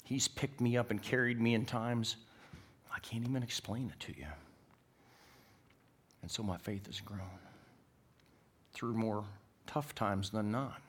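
Male pastor, lowish voice, sermon delivery that swings between forceful emphasis and near-whispers. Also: fairly even intonation, normal speed, pauses often, slightly rough. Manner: swings from loud emphatic preaching to hushed whispers.

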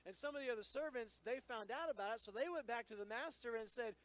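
A man's voice: very high voice, fast talker, hardly any pauses, rough recording. A man reading scripture aloud and explaining it in a chatty teaching style, with frequent asides to his listeners. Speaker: Bible teacher.

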